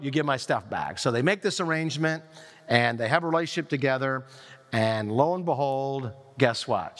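A man preaching a sermon, retelling a scripture story in a lively way with quoted lines. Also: medium pitch. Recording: long reverb of a large hall.

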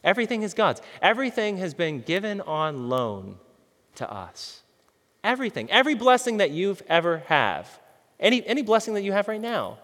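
A man's voice: high voice, very animated, moderate pace, fairly bright tone, in a large hall. A man preaching a sermon as a pastor, talking conversationally and asking his listeners questions. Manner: conversational, asks the audience questions.

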